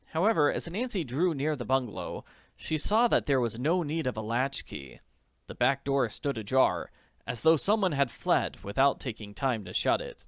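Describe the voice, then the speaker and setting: A man narrating an audiobook in a measured, steady reading voice. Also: mid-range voice, dry recording, clean studio sound.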